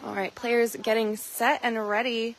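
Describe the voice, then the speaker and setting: A woman commentating on a challenge, describing the players in a relaxed play-by-play. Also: fairly high pitch, measured pace, rough recording.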